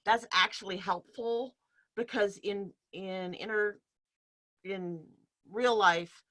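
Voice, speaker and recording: Bright-voiced woman leading an online workshop. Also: mid-range voice, fairly even intonation, slow. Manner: explanatory, demonstrates speech patterns, laughs easily. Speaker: workshop leader. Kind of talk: teaching a live online workshop. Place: home room in front of a bed sheet. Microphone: video call.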